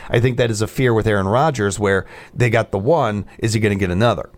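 A man's voice: on the low side, quick pace. A man in his forties hosting a radio show, talking casually and loosely with frequent fillers and restarts. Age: 40s. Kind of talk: casual on-air chat.

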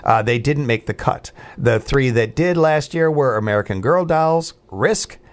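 Male morning radio host, mid-pitched, chatty and joking, studio mic. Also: animated, measured pace. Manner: joking, chatty, laughs at own jokes. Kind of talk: casual morning radio chat. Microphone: studio microphone.

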